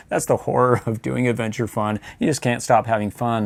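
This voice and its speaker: A man's voice: medium pitch, normal speed, gravelly. A man hosting a casual toy review video, playful and ad-libbing, laughing often. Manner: playful, laughs often, ad-libs silly voices.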